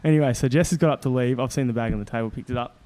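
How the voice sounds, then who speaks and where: An Australian man telling a story in casual chat as a guest, animated and laughing often as he acts out what people said. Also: mid-range voice, rapid-fire.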